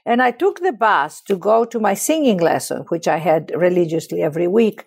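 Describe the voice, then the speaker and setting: A woman's voice: lowish voice, a little fast, vocal fry, husky. A woman from Greece, telling stories passionately as a guest in a spiritual conversation. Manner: passionate, animated storyteller. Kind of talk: reflective storytelling conversation.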